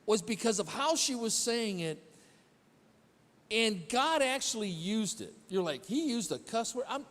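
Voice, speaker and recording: A male pastor with a high-pitched voice preaches in a chatty, storytelling way. He keeps quizzing the congregation and pokes fun at himself. His voice rings with a long reverb through the church sanctuary. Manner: chatty, quizzes the congregation, self-deprecating humor. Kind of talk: conversational sermon storytelling.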